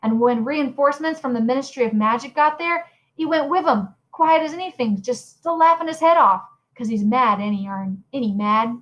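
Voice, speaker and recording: A woman's voice: normal speed, natural voice, low-quality recording. Stan, a woman doing a jumpy, chattering young bus conductor. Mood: excitable. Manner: slangy, gossipy, high and jumpy.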